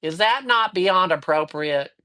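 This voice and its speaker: A man's voice: sits high, animated, a little slow, sharp tone, clear, resonant tone, no room sound. Chatty man giving livestream card readings. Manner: upbeat, chatty, addresses viewers by name; rambling, with frequent fillers. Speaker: psychic reader. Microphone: livestream microphone.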